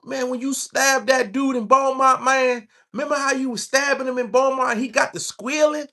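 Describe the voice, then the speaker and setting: A man voicing a brash male inmate who gleefully brags about stabbing someone, in an excited drawl. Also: very high-pitched, normal speed, voice pushed up, full character voice. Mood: gleeful boasting.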